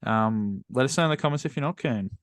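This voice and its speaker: A man's voice: medium pitch, animated, fast talker, no room sound. Laid-back Australian male podcast co-host, dry teasing wit, close and dry recording. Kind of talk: casual football podcast chat.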